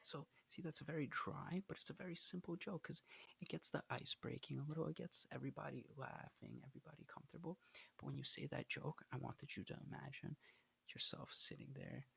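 A young man hosting a casual podcast, giving blunt dating advice in an animated, coaching way. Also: fairly high pitch, brisk, creaky, husky, in a whisper.

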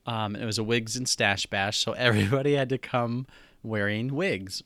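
A man casually telling a funny story, animated, acting out voices and laughing often. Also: on the low side, moderate pace, no room sound.

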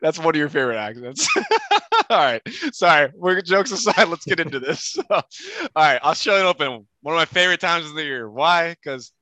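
Bright-voiced male podcast host. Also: on the high side, animated, moderate pace, no echo. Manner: laughs often, loose and joking. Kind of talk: casual tennis podcast chat.

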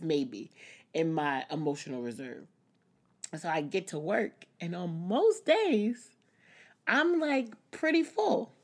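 A woman talking openly and reflectively in a personal vlog, breaking into small laughs now and then. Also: low voice. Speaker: vlogger. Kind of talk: candid personal vlog talk.

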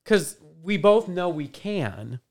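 A man's voice: high-pitched, sing-song, slow, creaky, crowd noise. A man co-hosting a radio show in casual chat, teasing and laid-back.

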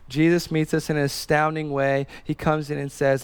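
A man's voice: fairly high pitch, little pitch movement, normal speed, few pauses, clean tone. A man in his thirties preaching a sermon in an earnest, conversational way, full of casual fillers and restarts. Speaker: pastor. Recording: reverberant hall.

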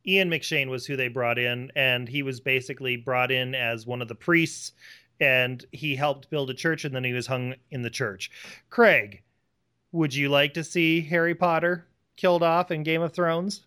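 A man's voice: medium pitch, steady tone, normal speed, pushed and bright, smooth. A man hosting a casual pop-culture chat, steering the talk and putting questions to his co-hosts. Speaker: podcast host.

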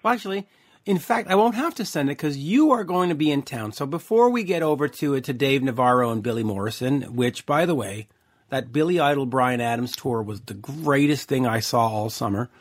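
A man's voice: mid-range voice, lively intonation, a little fast. A man hosting a rock interview show, chatting casually with many filler restarts. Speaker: podcast host.

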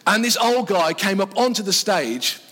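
A man from the English Midlands preaches to a church crowd in a chatty, self-mocking way, laughing often. His voice sits high for a man. Long reverb from the church hall trails every phrase. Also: animated, moderate pace, sharp tone, breathy edge. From Black Country, English Midlands. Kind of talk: sermon.

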